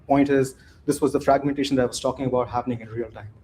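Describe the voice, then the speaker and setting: A man's voice: mid-range voice, fairly even intonation, racing, warm tone, slight background noise. A man giving a conference talk from slides, speaking loosely and conversationally, often tagging his points with "right?" and restarting his sentences.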